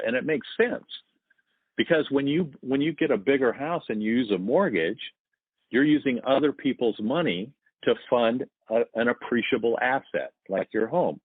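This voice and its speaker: A man's voice: medium pitch, lively intonation, normal speed, husky, dry recording. Man in his sixties, sales veteran, anecdotal storyteller; dry, phone-quality line. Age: 60s. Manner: storytelling, acts out quoted dialogue. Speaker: sales guest. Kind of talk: casual podcast chat.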